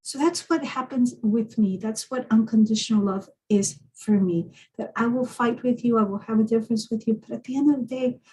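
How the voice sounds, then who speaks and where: Woman on a video call, kinda high mellow voice, thinks out loud, lots of restarts. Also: fairly quick, few pauses, rough recording. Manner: reflective storyteller, many restarts. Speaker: guest. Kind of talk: casual conversation.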